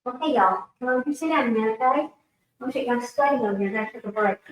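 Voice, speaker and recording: A woman's voice: a little high, fast talker. A woman giving casual, rambling commentary at home, blunt and swearing, hot and sweaty as she talks to those around her. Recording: very echoey room, far from the mic.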